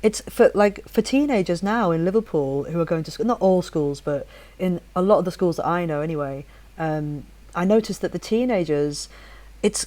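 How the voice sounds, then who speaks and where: A woman in her thirties hosting a casual podcast, her northern English accent worn down to a near-neutral British sound. She talks in an animated rush, full of restarts and the odd swear word. Her voice sits a little low. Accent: softened northern English, near-neutral British. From northern England. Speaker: podcast host.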